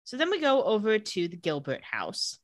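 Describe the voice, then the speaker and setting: A woman co-hosting a casual chat, retelling scenes with a laugh and lively quoted lines. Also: medium pitch, moderate pace, no room sound, studio quality. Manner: animated, laughs often, acts out quotes. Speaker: podcast co-host recapping a TV episode.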